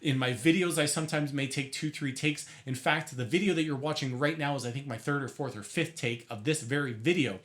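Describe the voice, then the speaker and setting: A young man teaching marketing tips straight to camera in an energetic, chatty way, often correcting himself mid-sentence. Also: medium pitch, a little fast, few pauses. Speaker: marketing coach for therapists.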